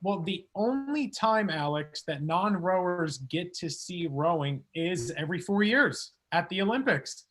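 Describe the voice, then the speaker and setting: A man co-hosting an interview show, enthusiastic and chatty, talking in quick bursts. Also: high-pitched, expressive, a bit bright. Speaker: podcast co-host.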